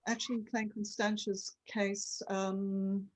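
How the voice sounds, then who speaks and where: A woman's voice: mid-range voice, little pitch movement, slow, rough recording. A woman speaking as a wine expert on a panel, detailed and knowledgeable but hesitant, with frequent fillers. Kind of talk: casual panel discussion.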